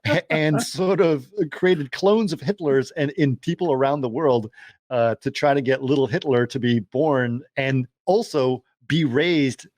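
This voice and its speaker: A man co-hosting a podcast, chatting casually about old films and pausing often with fillers. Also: medium pitch, darkish tone, dry recording, clean studio sound. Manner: rambling, halting with many fillers. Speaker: podcast co-host. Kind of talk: casual film chat.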